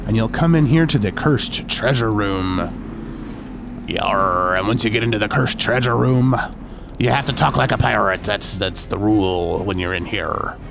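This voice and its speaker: A man's voice: mid-range voice, gravelly, background noise. A man hosting a gaming channel, giving upbeat, chatty let's-play commentary and now and then slipping into playful pirate talk. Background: game music.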